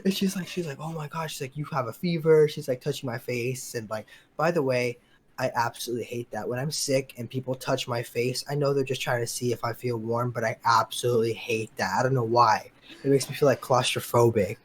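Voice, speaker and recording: A man's voice: mid-range voice, steady tone, brisk, husky. A young man co-hosting a podcast, telling a long story in a casual, rambling way with lots of fillers and quoted dialogue. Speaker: podcast co-host.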